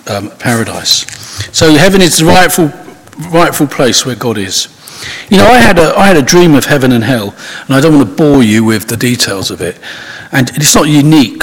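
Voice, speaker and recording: A man giving an informal, conversational sermon, rambling with restarts and asides. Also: medium pitch. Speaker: preacher. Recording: husky voice in long hall reverb.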